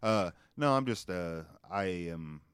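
A man's voice: sits low, animated, takes it slowly, a bit bright, clear, resonant tone, no room sound, studio quality. A man guesting on a casual podcast, talking in a laid-back, hesitant way with lots of fillers. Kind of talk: casual chat.

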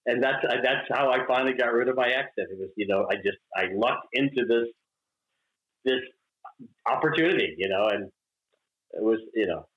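A man's voice: mid-range voice, moderate pace, pauses often. An older man from Mississippi, a guest telling stories in an interview, laughing often and acting out quotes. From Mississippi, US South. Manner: animated, laughing, acts out quotes. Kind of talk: storytelling interview chat. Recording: roomy, dull recording.

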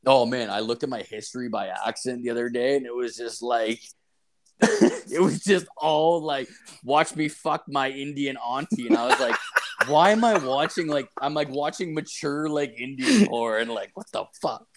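A man's voice: mid-range voice, very animated, moderate pace. Profane, rambling man. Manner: crude, profane storytelling with frequent fillers. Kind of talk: casual chat.

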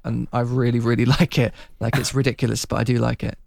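A man recapping a film in casual chat, talking fast and laughing a lot. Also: mid-range voice, little pitch movement, vocal fry, a little mellow, no echo, studio quality. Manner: chatty, laughing, puts on voices when quoting.

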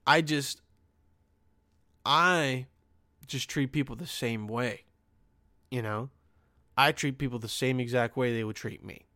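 A young male podcast host rants casually and profanely, restarting often and adding sarcastic asides and "okay?" tags. His medium-pitched voice is slow with frequent pauses, bright and forceful, captured in a dry, studio-quality recording.

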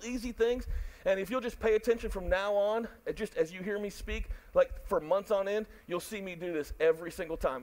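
A man pastor preaching a sermon, animated and jokey, addressing the crowd and online viewers. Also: high-pitched.

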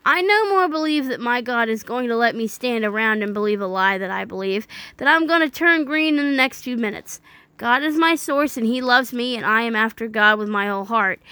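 Woman reading a critique out loud then ranting about it, kinda high voice, super dry sound. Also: smooth, no room sound. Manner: indignant, incredulous asides; halting reading with restarts. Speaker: religious commentator. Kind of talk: reading aloud and commenting.

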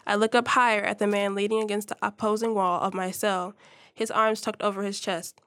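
A woman's voice: mid-range voice, flat delivery, brisk, fairly bright tone, no echo. A young woman, a student writer, reads her own short story aloud and chats casually, often stumbling and correcting herself as she reads. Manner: reads with frequent slips and self-corrections.

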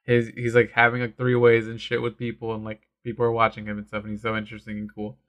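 A man in casual chat about a comic, talking excitedly with many fillers and some swearing. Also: on the low side. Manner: excited, fast, full of filler words and swearing. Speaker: comic discussion co-host.

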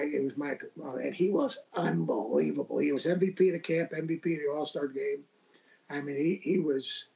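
A middle-aged man with a gravelly, raised-pitch voice tells sports stories as a guest, rambling and restarting his sentences. The sound is dull and lo-fi, like a remote call. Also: darkish tone. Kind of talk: casual storytelling interview.

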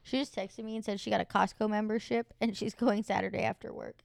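A woman's voice: mid-range voice, steady tone, quick pace, creaky, no echo, clean studio sound. A young woman hosting a casual podcast chat, giggling as she reads search results aloud. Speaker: podcast host.

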